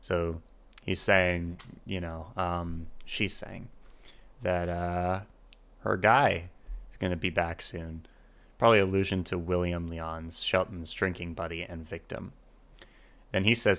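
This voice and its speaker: A man hosting a music reaction video, reading notes aloud in a casual way and trailing off quietly between remarks. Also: low voice, fairly even intonation, normal speed, gravelly. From United States.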